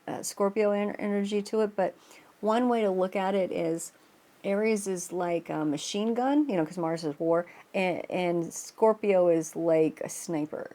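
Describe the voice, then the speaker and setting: A woman's voice: mid-range voice, darkish tone. Earnest, rambling woman tarot reader. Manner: rambling, many restarts and fillers, earnest. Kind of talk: casual spoken astrology reading.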